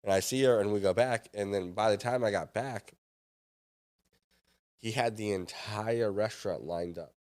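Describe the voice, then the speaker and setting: A man, a former chef now a startup founder, guest on a podcast, telling an animated anecdote and acting out the lines of the people in it. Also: on the low side, normal speed. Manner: lively anecdote-telling, acts out others' lines. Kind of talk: animated storytelling.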